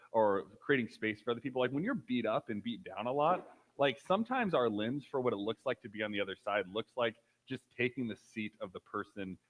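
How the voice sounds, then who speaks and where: A man's voice: medium pitch, poor audio. Pastor, male, 30s, mid-range voice, chatty storytelling sermon with lots of fillers. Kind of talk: casual sermon.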